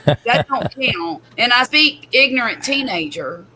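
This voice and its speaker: A woman's voice: a little high, big pitch swings, a little slow, sharp tone, a little hiss or hum, rough recording. A woman, hosting a chatty livestream from home and laughing often. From US Gulf Coast. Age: 50s. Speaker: livestream host. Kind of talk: casual livestream chat.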